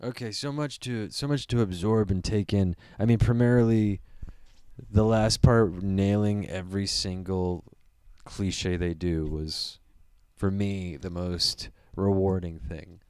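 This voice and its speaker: A man's voice: low voice, fairly even intonation, measured pace, a little mellow, smooth, dry recording, clean studio sound. A man co-hosting a podcast, reacting to a trailer in casual, enthusiastic chat and acting out quotes as he goes. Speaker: podcast co-host.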